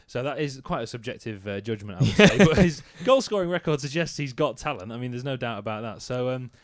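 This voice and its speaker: Fast-talking wry English man. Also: mid-range voice, expressive. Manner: quick, jokey and wry. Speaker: podcast co-host. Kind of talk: casual football chat.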